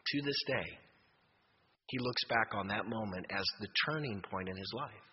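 A man's voice: fairly low pitch, normal speed, breathy edge. A man preaching a sermon as a pastor, telling stories and rising to emphatic exhortation. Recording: muffled hall reverb, faint noise.

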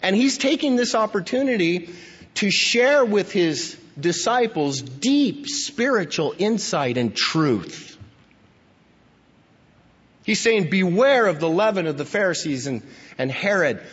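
A man's voice: high voice, expressive, takes it slowly, fairly bright tone, breathy edge. Preaching man in a dull, echoey hall. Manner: earnest, emphatic preaching with rhetorical questions. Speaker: pastor. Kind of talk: sermon with scripture reading.

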